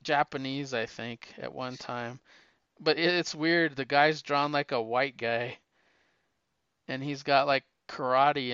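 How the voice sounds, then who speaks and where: A man's voice: medium pitch, sharp tone, smooth, no room sound, highs cut off. A man co-hosting a podcast, chatting casually about comics, rambling with restarts and laughs. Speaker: podcast co-host.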